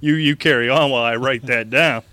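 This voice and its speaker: A man hosting a fantasy football show who rants in an animated way and laughs often. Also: medium pitch, brisk, no echo. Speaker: fantasy sports show host. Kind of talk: casual sports talk.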